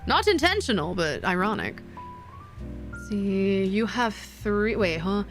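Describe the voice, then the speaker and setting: A young woman streaming while doing a craft, chatting casually with her viewers and getting excited easily. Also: medium pitch, slow pace, faint music behind.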